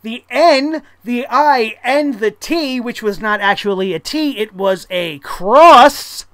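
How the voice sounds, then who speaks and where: A wrestling show reviewer ranting in a casual, sarcastic way, blunt and swearing freely, with loud exasperated outbursts and laughter at their own jokes. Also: medium pitch, animated, slow pace, no echo.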